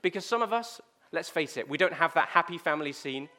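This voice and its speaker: A man's voice: on the high side, brisk. A male preacher, giving a sermon in a conversational storytelling manner. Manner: conversational storytelling, lively and direct.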